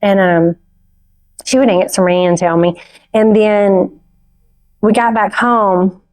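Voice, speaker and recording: A middle-aged woman on a conference stage, giving a personal testimony in a heartfelt, halting storytelling manner. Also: medium pitch, fairly even intonation, darkish tone. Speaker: conference speaker. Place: conference stage before an audience.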